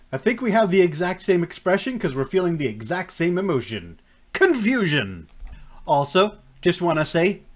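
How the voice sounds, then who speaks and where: A man giving casual reaction commentary to a show, sarcastic and mocking, laughing often. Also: a little high. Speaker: reaction video host.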